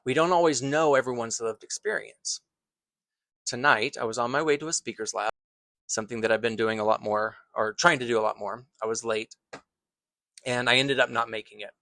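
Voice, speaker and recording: A man who teaches acting tells a personal story in an earnest, thoughtful way, pausing and restarting phrases as he goes. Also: medium pitch, sharp tone, no echo.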